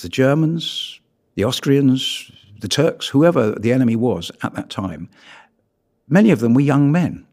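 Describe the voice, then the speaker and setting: A man from Britain, a photographer giving a public talk on his pictures in an earnest, measured way with emphatic rises on key words. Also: medium pitch, darkish tone.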